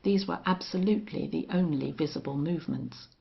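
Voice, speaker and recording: A woman narrating an audiobook in a steady, unhurried way. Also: low voice, vocal fry. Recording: dull lo-fi audio.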